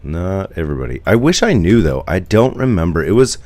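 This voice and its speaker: A man's voice: deep voice, big pitch swings, brisk, a little mellow, dry recording. A man in his forties from the United States, chatting casually on a live stream, rambling and answering viewer comments.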